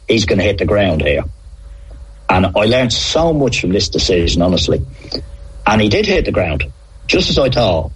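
A middle-aged man, a former referee telling animated anecdotes in an interview. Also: fairly low pitch, a little hiss or hum, poor audio. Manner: animated anecdotes, acts out quoted players. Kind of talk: conversational interview storytelling.

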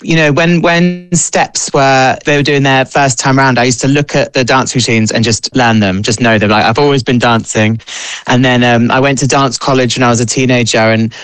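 A man's voice: mid-range voice, fairly even intonation, moderate pace, a bit bright, smooth, no room sound. Hesitant, apologetic man guest. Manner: hesitant, many restarts, apologetic. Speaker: guest comedian. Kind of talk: casual interview chat.

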